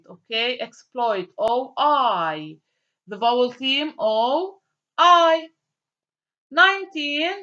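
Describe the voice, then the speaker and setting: A woman's voice: high voice, sing-song, takes it slowly, sharp tone. A woman teaching an online phonics lesson, repeating each word and spelling out its letters. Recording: dull lo-fi recording.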